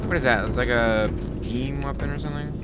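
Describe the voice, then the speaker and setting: A man's voice: medium pitch, fairly quick. A man giving casual, jokey commentary while playing a horror game and talking to it. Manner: excitable, jokey, talks to the game. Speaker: let's play gamer. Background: game music.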